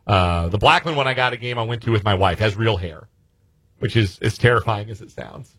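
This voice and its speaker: A man's voice: on the low side, brisk, fairly bright tone, dry recording. A man hosting a sports talk radio show, chatting casually and rambling a little, laughing easily.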